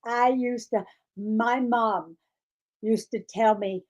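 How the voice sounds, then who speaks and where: Slow-talking woman co-host telling stories. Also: a little high, steady tone, darkish tone, lo-fi sound. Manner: slow, storytelling. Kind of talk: casual chat.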